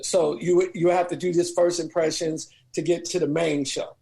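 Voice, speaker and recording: Gravelly animated comedian man. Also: on the high side, normal speed. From New Orleans. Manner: animated, profane, laughs through stories. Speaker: comedian guest. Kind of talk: casual storytelling.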